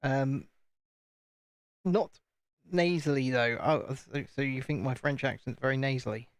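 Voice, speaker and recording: A man's voice: medium pitch, unhurried, no room sound. A British man hosting a casual live stream from home, chatting and joking at his own expense while building. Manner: chatty, joking, self-deprecating. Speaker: channel host.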